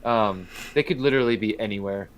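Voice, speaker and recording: A man's voice: fairly low pitch, lightly acted. A man voicing a jittery male gnome inventor who gets flustered and repeats himself. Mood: grateful. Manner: flustered, repeats himself, talks fast in bursts.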